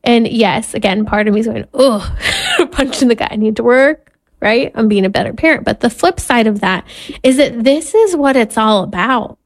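Earnest, candid woman with a higher voice. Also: expressive, moderate pace. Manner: earnest, candid, laughs at herself. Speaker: Catholic mother and podcast host. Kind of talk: personal storytelling talk.

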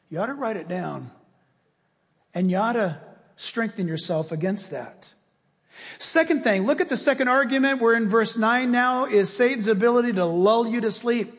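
A male pastor preaching a sermon, animated and acting out scenes as he tells them. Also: high-pitched, husky. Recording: long reverb of a large hall.

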